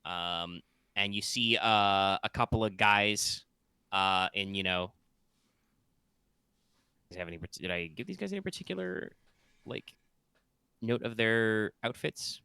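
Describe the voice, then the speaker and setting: A man's voice: fairly low pitch, animated, a little slow, pauses often, bright, forceful tone, clean tone, no room sound. A man narrating as game master of a tabletop role-playing game, in a loose, chatty way with fillers and little sound effects.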